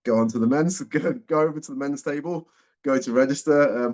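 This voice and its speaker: A man around forty, a guest speaker telling a personal story in a lively way and acting out what people said. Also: mid-range voice, brisk. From England. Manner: lively storyteller, acts out the dialogue. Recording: dull, muffled audio.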